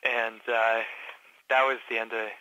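A man from Canada speaks in a bright, sharp voice that stays flat in pitch, stumbling through fillers and restarts as he tells his story. The sound is dry and close, with no room around it. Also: no echo, highs cut off. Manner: halting, many fillers and restarts. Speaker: patient guest. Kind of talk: casual interview.

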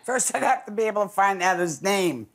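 An older woman sitting in a talk show audience, tossing out wry, deadpan comebacks. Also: mid-range voice, a little fast, noisy background. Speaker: studio audience guest.

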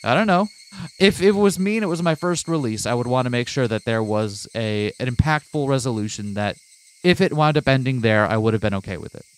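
Animated man chatting through a game. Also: medium pitch, brisk, low-quality recording. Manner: animated, laughs often. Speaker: let's play co-host. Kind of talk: casual gaming chat and reading game text aloud.

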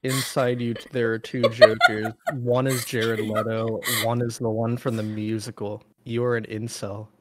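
A man chatting casually as a guest, with deadpan, drawling jokes. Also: medium pitch, moderate pace, few pauses, slight background noise. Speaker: guest streamer. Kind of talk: casual chat.

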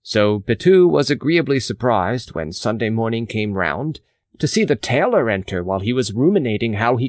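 Slow expressive male audiobook narrator. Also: medium pitch, no room sound, studio quality. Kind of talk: scripted narration of a classic novel.

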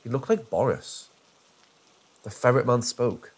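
A man's voice: medium pitch, a little slow, husky. A man narrating a first-person horror story in a dry, sarcastic way.

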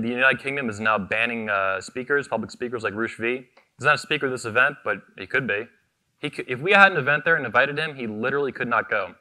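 A bright, forceful mid-range voice belongs to the man who founded this convention. He speaks into a microphone on stage in a fiery, combative, profane keynote, repeating short phrases like hammer blows.

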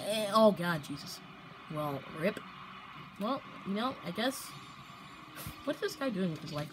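A woman's voice: mid-range voice, sing-song, moderate pace, pauses often, slight background noise, rough recording. Young woman gushing over a car-soccer game. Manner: playful, loud outbursts, repeats "no, no, no". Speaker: gameplay commentator. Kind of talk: excited gaming commentary.

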